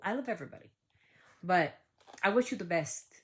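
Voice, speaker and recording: A middle-aged woman talks straight to her viewers in a casual vlog, earnest and preachy. Her voice sits on the low side, and she circles back over her points with emphasis. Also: expressive, fairly quick, a bit bright. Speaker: channel host, parent. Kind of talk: casual vlog talk to camera.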